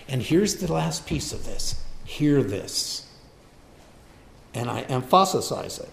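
Man, pastor preaching, slow deliberate delivery, gravelly voice, emphatic repetition. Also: medium pitch, very animated, reverberant. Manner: emphatic, repeats and rereads lines, swings between quiet and loud. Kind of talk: sermon.

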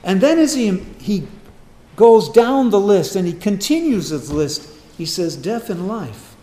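A man preaching a sermon, swinging from hushed asides to loud, emphatic questions. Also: sits high, sing-song, unhurried, roomy sound. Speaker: pastor.

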